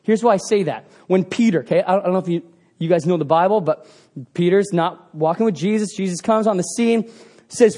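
A young adult man with a high-pitched voice preaching to his church. He talks casually and acts out the people in his stories, with lively swings in pitch and loudness. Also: brisk. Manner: animated, acts out quoted voices. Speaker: pastor. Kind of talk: sermon.

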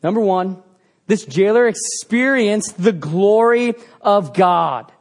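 A man preaching a sermon, telling the story with animated sound effects and swinging between loud bursts and hushed passages. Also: high voice, takes it slowly.

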